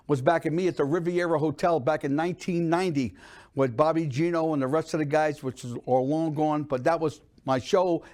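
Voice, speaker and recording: A man's voice: on the high side, a little mellow. An older man hosting a variety show in a chatty, rambling way, telling stories and jokes. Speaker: show host. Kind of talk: casual show chat and joke-telling.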